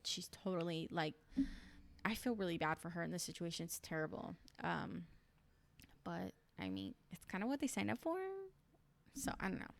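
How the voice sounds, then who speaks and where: A woman's voice: fairly low pitch, vocal fry, a bit bright. A woman recapping a reality show in casual, opinionated chat, full of "like" and "um". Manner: chatty and opinionated, lots of "like" and "um".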